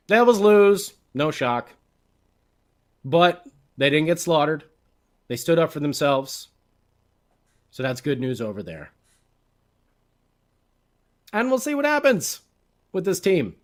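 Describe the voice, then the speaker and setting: A man co-hosting a casual sports podcast, talking in a chatty, animated way with plenty of filler words. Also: on the high side, slow, pauses often. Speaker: podcast co-host.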